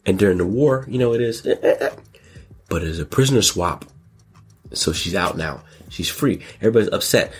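A man hosting a casual commentary show, excitable and jokey, breaking into sudden squeals and exclamations. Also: lowish voice, moderate pace, breathy edge. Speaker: podcast host.

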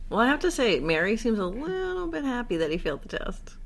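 A woman's voice: a little high, sing-song, a little fast, gravelly. A woman co-hosting a casual podcast, chiming in with dry wisecracks and blunt swearing. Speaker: podcast co-host. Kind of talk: casual chat.

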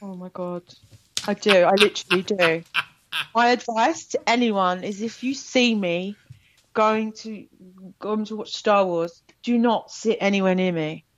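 Woman guest, chatty and animated, dry slightly muffled sound. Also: medium pitch, unhurried, no room sound. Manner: chatty, animated storytelling with laughs. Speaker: actor guest. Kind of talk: casual interview chat.

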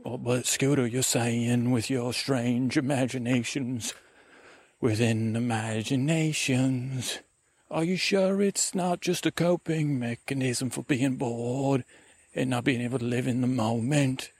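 A man's voice: medium pitch, steady tone, unhurried, darkish tone, no echo. A man voicing an imaginary male walking buddy who chats and asks questions, in a slightly raised, drawling voice. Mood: quizzical.

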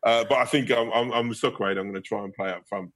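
A man's voice: mid-range voice, steady tone, quick pace, fairly bright tone, slight background noise. A man, a guest comedian, telling rambling anecdotes in a casual interview, laughing and swearing as he goes.

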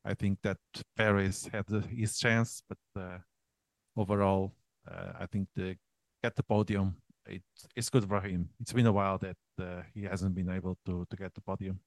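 Very deep, halting man, dry close sound. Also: flat delivery, dry recording. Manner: hesitant, many ums, halting phrasing. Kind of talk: casual sports discussion.

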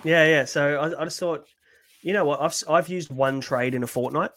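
A man's voice: fairly high pitch, moderate pace, a bit bright, no room sound. Chatty man, dry close sound. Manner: chatty, upbeat, many fillers. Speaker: podcast co-host. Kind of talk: casual fantasy sports chat.

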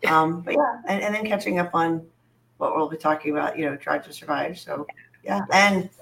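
A woman co-hosting a casual motorsport chat podcast, hoarse and raspy from a cold, talking in halting starts and restarts. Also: low voice, background noise. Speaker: podcast co-host. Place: home, Germany.

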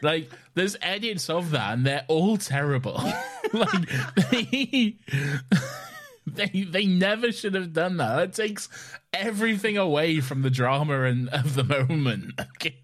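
A man's voice: fairly high pitch, expressive, measured pace. A young man co-hosting a podcast, teasing his co-host and laughing often in casual chat.

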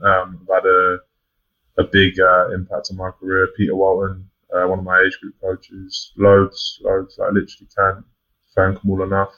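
Young English man, low flat voice, bright tone, lo-fi recording; candid podcast guest who swears. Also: moderate pace. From England. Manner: frank, swears freely, many ums. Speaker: podcast guest, rugby player. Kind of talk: casual reflective chat. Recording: dull lo-fi sound.

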